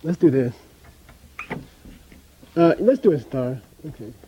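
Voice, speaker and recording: A man's voice: mid-range voice, lively intonation, takes it slowly, highs cut off, slight background noise. A man teaching a language class in a classroom, chatty, often checking in with "okay?" and drilling pronunciation.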